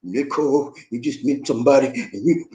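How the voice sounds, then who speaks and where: A man's voice: mid-range voice, brisk, dark tone. A man hosting a casual dating advice video, playful and hyping up his viewers with repeated phrases. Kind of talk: casual hyped video talk. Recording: echoey room.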